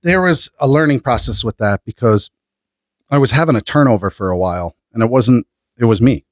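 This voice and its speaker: A man talking as a podcast guest, blunt and animated, swearing freely as he tells stories about his business. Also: mid-range voice, fairly quick, no echo, clean studio sound. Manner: blunt, profane, animated storytelling. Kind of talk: casual interview chat.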